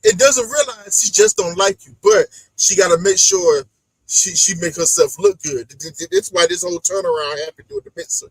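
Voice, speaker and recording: A man with a strikingly high voice that leaps all over the place as he recaps a dating show. His tone is gravelly with a husky edge. The sound is dry and close, and he plays out each person he describes. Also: normal speed, no echo, poor audio. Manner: animated, acts out the people he talks about. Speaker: podcast host. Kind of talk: casual reality-show recap chat.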